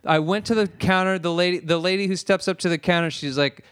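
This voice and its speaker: A man co-hosting a casual podcast, with a voice that sits a little high. He tells his stories with animated, offhand energy and swears freely, and the recording is dry with no room sound. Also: fast talker, clean tone, dry recording. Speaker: podcast co-host. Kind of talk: casual chat.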